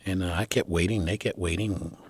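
A man's voice: low voice, brisk, husky, no room sound. A man telling a long anecdote in an interview, rambling with fillers and acting out the people in his story. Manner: animated storyteller who acts out the people in his stories. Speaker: interviewee recounting his music career.

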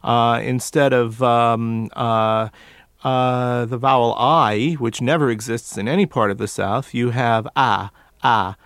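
A man, a dialect coach interviewed as a guest, who demonstrates accents by repeating words in a measured way. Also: mid-range voice, fairly even intonation, fairly bright tone, smooth, no echo, clean studio sound.

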